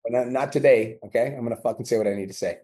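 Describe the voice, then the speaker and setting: Fast-talking blunt man coaching. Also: mid-range voice, warm tone. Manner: blunt, profane, acts out dialogue. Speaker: business coach. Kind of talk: coaching call.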